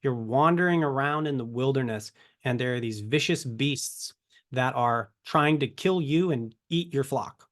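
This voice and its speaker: A man's voice: medium pitch, a little slow, a bit bright. Conversational man teaching scripture. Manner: conversational, rhetorical questions, self-corrections. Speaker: ministry teacher. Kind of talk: casual Bible teaching to camera.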